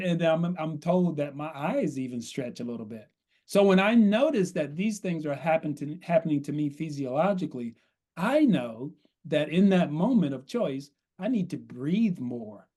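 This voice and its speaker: A man, a consultant guest on a podcast, explaining in a measured way and often checking in with "right?". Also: a little high, warm tone. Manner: measured, repeats "right?", acts out sample dialogue. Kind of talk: podcast interview, coaching explanation.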